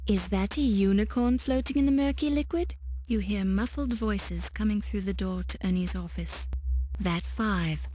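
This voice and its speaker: A woman's voice: medium pitch, dark tone. A woman streaming a game, chatting and reading its text aloud with stumbles and restarts. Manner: unhurried, reads with stumbles and restarts. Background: faint game music.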